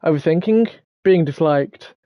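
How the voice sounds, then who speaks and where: A man's voice: fairly high pitch, unhurried, muffled recording, a crowd in the background, close to an everyday voice. A young man reading the lines of a shy bookish teenage girl from a visual novel in his own plain voice. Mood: earnest. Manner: reading game dialogue aloud flatly.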